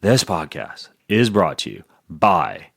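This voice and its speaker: A man's voice: low-pitched, sing-song, creaky, a bit bright, dry recording, clean studio sound. A man hosting a podcast, chatting casually and joking his way through ad reads and health answers. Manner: playful, quick, jokey. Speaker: podcast host.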